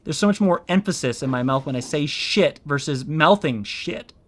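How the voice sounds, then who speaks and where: A man's voice: a little high, expressive, normal speed, a bit bright. A man chatting casually on his stream as a VTuber, rambling and explaining things with plenty of ums and restarts. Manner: rambling, explains with many fillers. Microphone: own streaming mic.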